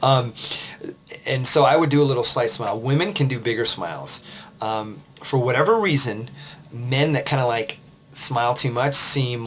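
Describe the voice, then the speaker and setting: A man's voice: mid-range voice, a bit bright, a little hiss or hum. A man, a confidence coach, giving casual, rambling advice to the camera while a bit tired. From United States. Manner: conversational, loose, with fillers and restarts.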